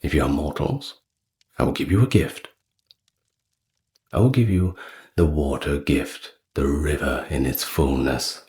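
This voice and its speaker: A man voicing the moaning, regal queen of the underworld in a soft storytelling read. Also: a bass voice, measured pace, pauses often.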